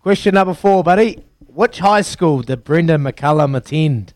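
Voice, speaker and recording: Upbeat New Zealand radio quiz host. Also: male voice, a little high, lively intonation, normal speed, darkish tone, a little hiss or hum. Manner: upbeat, counts down and teases callers. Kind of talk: breakfast radio quiz banter.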